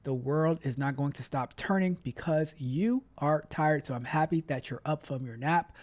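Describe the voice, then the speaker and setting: A man's voice: a little high, moderate pace, darkish tone. A man hosting a live stream, chatting casually, reading out chat messages and repeating himself as he talks. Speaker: livestream host.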